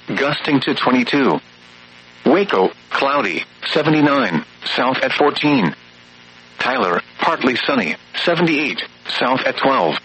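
A man's voice: mid-range voice, pushed and bright, a little hiss or hum, rough recording. A synthetic male voice giving an automated weather radio readout, listing readings and forecasts in clipped, evenly paced phrases.

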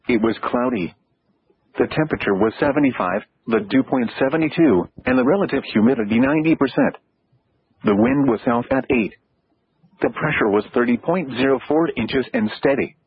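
A man's voice: slightly rough, phone-quality sound. Synthetic male weather radio voice. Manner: clipped, evenly paced readout with abrupt pitch jumps on single words. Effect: synthetic computer voice. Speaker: automated weather announcer. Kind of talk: automated weather broadcast reading.

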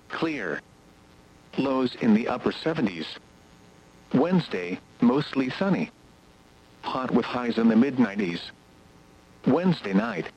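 A synthetic male voice reading an automated weather radio broadcast, reciting numbers and forecasts in a steady, mechanical way. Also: mid-range voice, slightly rough, low-quality recording.

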